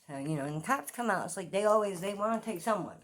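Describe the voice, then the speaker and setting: A woman in her forties talks straight to her vlog audience in a rambling, profane rant. She repeats herself and stumbles through restarts, then bursts into loud, animated outbursts. Her voice sits at an ordinary middle pitch. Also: fast talker. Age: 40s. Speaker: commentary vlogger. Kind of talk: casual ranting commentary.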